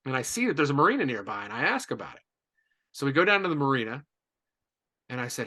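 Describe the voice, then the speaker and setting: A man from Indiana, a podcast guest, telling a lively story with many "and, uh" fillers. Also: medium pitch, fast talker, long pauses. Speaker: podcast guest, business coach. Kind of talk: animated storytelling.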